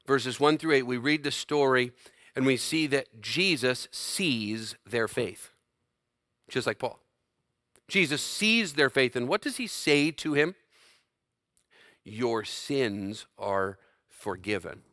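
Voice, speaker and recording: A man preaching a sermon from scripture, his delivery swinging between loud emphatic bursts and quiet, slowed passages. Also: medium pitch, no room sound.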